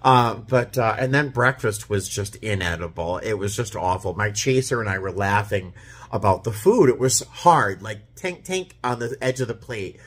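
A tired man from Boston, a flight attendant, chatting casually about his workday with lots of fillers and animated storytelling. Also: on the low side, moderate pace, slightly rough. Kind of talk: casual vlog chat.

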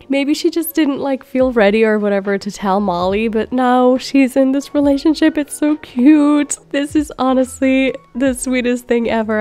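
A young woman with a fairly high voice talks through a life-simulation game in a loose, chatty way. She reads the game's pop-up text aloud and gushes with excitement, her pitch leaping up when she gets thrilled. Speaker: gaming streamer. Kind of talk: casual gameplay commentary.

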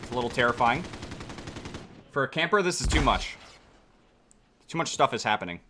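A young man streaming a shooter game live, chatting to viewers and swearing and shouting as the action heats up. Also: mid-range voice, fairly quick, noisy background. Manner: excitable, swearing, reacting loudly to the game. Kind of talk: live gameplay commentary. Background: gunfire from the game.

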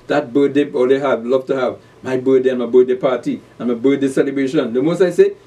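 A man preaches a sermon in a warm, medium-pitched voice, moving quickly with few pauses. He reads scripture aloud and pushes his listeners with repeated rhetorical questions, and he sounds set back from the microphone, as if recorded from a distance.

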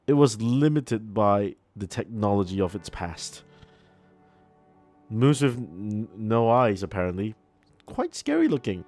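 A man talks over a video game in a loose, sarcastic running commentary, reacting out loud to what's on screen. His voice sits a bit low, and faint music plays underneath. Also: big pitch swings, a little slow. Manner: chatty, sarcastic, reacts aloud. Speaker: gaming channel host. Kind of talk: let's play commentary.

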